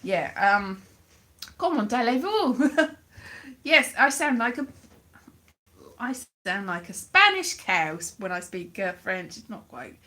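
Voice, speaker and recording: A woman's voice: mid-range voice, sing-song, a little slow, sharp tone. A woman chatting casually on a live stream, rambling and wry, recorded on a phone held at arm's length. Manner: rambling, wry, self-deprecating. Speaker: vlogger.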